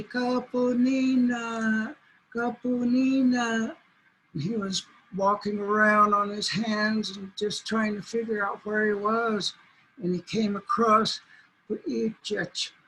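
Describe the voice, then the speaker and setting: Give me a man storyteller, slow and deliberate, with a bright voice. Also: high-pitched, slight background noise, rough recording. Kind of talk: oral storytelling.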